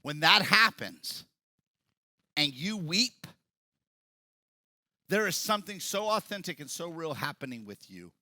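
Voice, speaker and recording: Bright-voiced man preaching with fervor. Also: on the high side, dry recording. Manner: swings from quiet talk to loud shouted preaching. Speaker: pastor. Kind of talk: sermon. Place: church hall with congregation.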